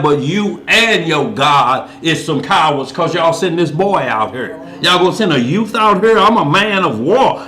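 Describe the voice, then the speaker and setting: A man's voice: a little high, echoey room. A man voicing a boastful giant warrior who taunts and mocks. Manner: swaggering, shouting taunts.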